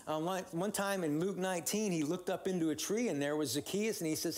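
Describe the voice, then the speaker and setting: A man's voice: high voice, brisk, few pauses, a little mellow. A man giving a sermon in a conversational, storytelling way, with frequent fillers and restarts. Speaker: pastor.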